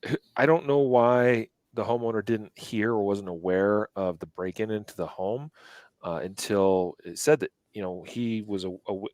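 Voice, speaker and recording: Low-voiced man musing, dry sound. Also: moderate pace, darkish tone, no room sound. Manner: thinking aloud, hesitant, many fillers. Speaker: co-host. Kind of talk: casual news commentary.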